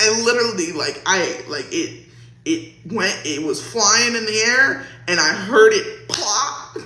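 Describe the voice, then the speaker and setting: A woman's voice: medium pitch, a bit bright. A young woman vlogger casually telling a storytime, chatty and laughing, with lots of "like". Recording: roomy echo.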